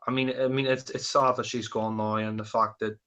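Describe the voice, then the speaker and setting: A man talks through a film in a loose, rambling way, full of ums and restarts. His voice sits fairly low but has a bright, forward edge. It sounds like easygoing chat between friends. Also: little pitch movement, brisk, smooth. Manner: rambling, many fillers and restarts. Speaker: film review co-host. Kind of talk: casual chat.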